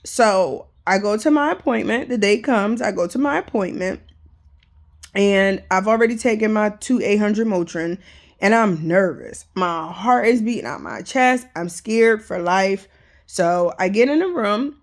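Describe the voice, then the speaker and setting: A woman's voice: mid-range voice, a little slow. A young adult woman candidly telling her personal story in a casual vlog, chatty and emphatic, with lots of fillers. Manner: emphatic, animated retelling. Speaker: vlogger.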